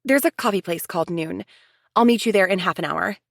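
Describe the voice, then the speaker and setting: A woman's voice: mid-range voice, fairly quick, gravelly, dry recording, studio quality, lightly acted. A woman reading an audiobook and voicing a determined widow with a firm, reassuring manner. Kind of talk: audiobook character voice.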